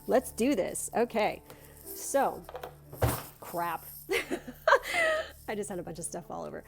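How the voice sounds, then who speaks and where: A gushing, encouraging woman giving a casual tarot reading over faint music. Her pitch sits in the middle of the range. She swears now and then and drifts between reading card text and chatty asides. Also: huge pitch swings, takes it slowly, gravelly. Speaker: tarot reader.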